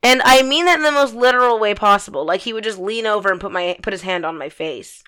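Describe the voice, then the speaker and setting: A woman's voice: medium pitch, fast, a bit bright, clean tone. A young woman telling a story in casual podcast chat, blunt and swearing freely, with many fillers.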